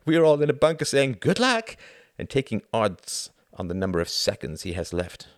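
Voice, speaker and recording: A man's voice: mid-range voice, big pitch swings, moderate pace, no echo, studio quality, voice pushed up, close to an everyday voice. A man reading the part of a weary, cynical older aristocratic diplomat with a sardonic drawl.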